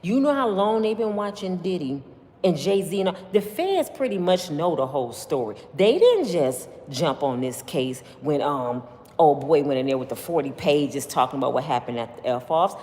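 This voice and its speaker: A woman's voice: deep voice, expressive, moderate pace, warm tone, in a large hall. A woman giving opinionated commentary on celebrity news, emphatic and preachy, with constant rhetorical questions to her viewers. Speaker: commentary vlogger.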